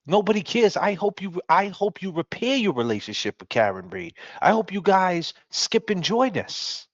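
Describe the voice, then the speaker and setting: A man's voice: high voice, very animated, normal speed, dry recording, dull audio. A man hosting a podcast, ranting at critics in a combative, profane, mocking way. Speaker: podcast host. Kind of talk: ranting talk-show monologue.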